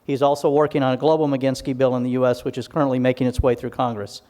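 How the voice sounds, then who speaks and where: A man introducing a guest speaker at a live public talk, measured and warm, with personal asides. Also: medium pitch, little pitch movement. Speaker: event host introducing a speaker. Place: event hall.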